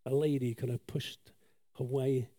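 A man's voice: medium pitch, little pitch movement, unhurried, mellow, dry recording, clean studio sound. A man telling a story while painting on a sketchboard, chatty and self-deprecating, with lots of asides. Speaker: children's talk storyteller.

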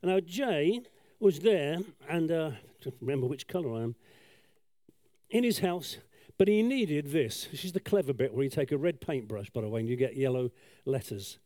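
A man's voice: fairly high pitch, animated, moderate pace, mellow, no room sound, clean studio sound. A man telling a story while painting on a sketchboard, chatty and self-deprecating, with lots of asides. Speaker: children's talk storyteller.

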